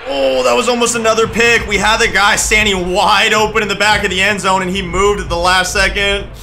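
A young man giving excitable, trash-talking commentary over a football video game he is playing. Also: high-pitched, brisk, gravelly, slight background noise. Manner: excitable, trash-talking, shouts at big plays. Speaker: gaming YouTuber. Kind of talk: gameplay commentary.

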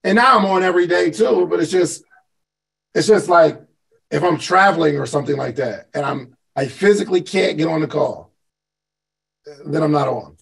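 A man's voice: a little high, moderate pace, creaky, a bit bright, low-quality recording. A man hosting a live call, giving a conversational motivational talk as a business coach and putting questions to his listeners. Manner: conversational, asks the listeners questions, repeats for emphasis.

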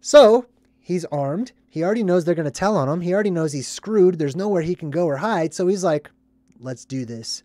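A movie commentary host breaks down a film in a casual, rambling vlog, constantly tossing in "right?" and acting out scenes in put-on voices. His mid-pitched delivery is animated and brisk. The recording is dry and close-miked with no room sound.

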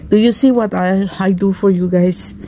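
Filmed on an action camera as handheld vlog commentary, a woman nervously narrates her climb on an outdoor ruin for her viewers and exclaims often. She speaks at a normal speed in a mid-range voice that is steady and dark, with a little hiss or hum.

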